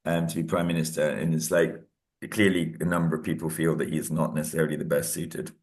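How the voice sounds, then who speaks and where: A man with a very deep voice explains exam technique to students. He talks in a lively, casual way, laughing often and acting out students' remarks. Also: fast. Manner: animated, laughs often, acts out students' lines. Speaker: history teacher. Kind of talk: casual revision discussion.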